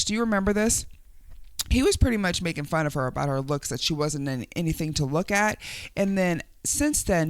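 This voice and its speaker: Lively, exasperated news-reaction vlogger. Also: mid-range voice, dry recording. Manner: exasperated, sighing and laughing, trips over hard words. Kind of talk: casual reaction commentary.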